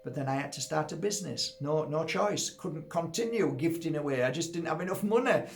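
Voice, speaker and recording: A man's voice: a little high, animated, fairly quick, gravelly. Earnest man in his fifties. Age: 50s. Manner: earnest, heartfelt, addresses viewers directly. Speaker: energy healer. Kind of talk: candid talking-to-camera monologue.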